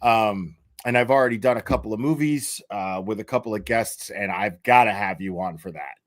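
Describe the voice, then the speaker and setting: A man's voice: lowish voice, moderate pace, no room sound. Modest, easily laughing man, casual. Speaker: podcast guest. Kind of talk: casual live-stream chat.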